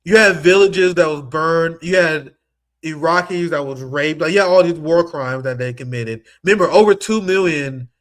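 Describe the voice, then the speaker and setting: Man, high-pitched, profane streamer, heated mocking rant. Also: moderate pace, a bit bright. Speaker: political streamer. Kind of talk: ranting political commentary.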